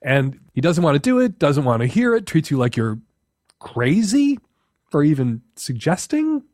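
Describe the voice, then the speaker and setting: A man with a somewhat high voice hosts the show, brisk and emphatic. His sound is dry and close to the mic, and he presses his points with skeptical questions. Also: sing-song, a little mellow, dry recording. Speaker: host. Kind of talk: host read ad and advice commentary.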